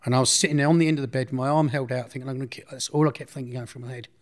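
A man tells his own story in a plain, middle-pitched voice. He talks bluntly and drops in street slang, often breaking off and restarting mid-sentence as he recounts events. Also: fairly even intonation, rapid-fire. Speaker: interviewee.

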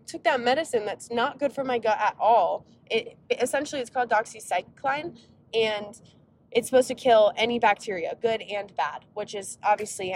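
A young woman talks through a casual solo podcast from the driver's seat, wandering off topic and breaking into her own sentences. She sounds a bit sick and tired, and a faint road rumble sits under her voice. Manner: rambling, chatty, self-interrupting. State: sick, yawning. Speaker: podcast host. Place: inside a car on a road trip.

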